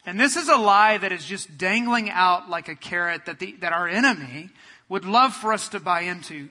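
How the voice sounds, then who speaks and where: A man preaching a sermon, building to loud passionate peaks and dropping to a soft, quiet prayer. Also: sits high, expressive, moderate pace, big-room sound. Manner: preaching with rising fervor, then quiet prayer. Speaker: pastor.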